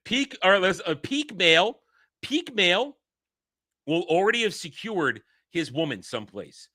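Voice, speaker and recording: Male stream host, loose and rambling, self-interrupting, sharp bright tone. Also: high-pitched, sing-song, measured pace, no room sound, studio quality. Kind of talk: casual livestream chat.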